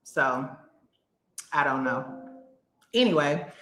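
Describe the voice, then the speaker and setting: Woman host, blunt and mocking reality TV commentary, crisp bright tone. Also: low voice, lively intonation, slow, echoey room. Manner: blunt, sassy, cursing, mocking impressions. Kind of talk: casual opinionated commentary.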